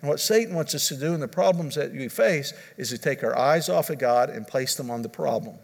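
A man's voice: mid-range voice, fairly quick, creaky, in a large hall. A man preaching a sermon as pastor, earnest, repeating his key points and restarting phrases as he goes.

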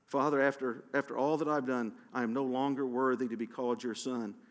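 A man's voice: medium pitch, steady tone, fairly quick, natural voice. A man reading as a despairing young prince. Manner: sobbing, despairing. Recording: long hall reverb.

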